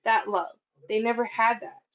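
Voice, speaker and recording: A woman's voice: a little high, fairly even intonation, normal speed, a bit bright, muffled recording. A woman giving a casual tarot reading, talking in a chatty, profane way with lots of "like". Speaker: tarot reader.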